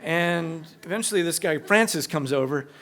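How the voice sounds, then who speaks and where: A man's voice: on the high side, normal speed. Man telling a story on stage. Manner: conversational, animated, acts out what people said. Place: stage of a comedy club.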